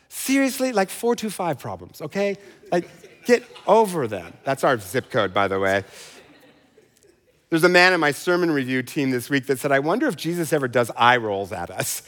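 A middle-aged male pastor delivering a sermon in a lively, playful way, with quick asides and mock voices. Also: sits high, long reverb tail.

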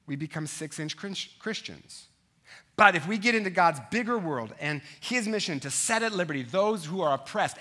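Male pastor in his fifties, sermon delivery, bright and slightly high voice, animated storyteller. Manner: animated storytelling, asides to the congregation.

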